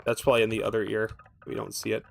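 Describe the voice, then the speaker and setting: A man's voice: on the low side, flat delivery, racing, creaky, slight background noise. Rambling, profane male streamer. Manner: rambling, profane, thinking aloud; wry, self-mocking asides. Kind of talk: casual gameplay commentary.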